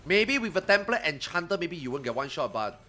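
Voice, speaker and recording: A man streaming games live, chatting casually and ranting with lots of swearing, getting loud when worked up. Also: a little high, big pitch swings, a little fast. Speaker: gaming streamer.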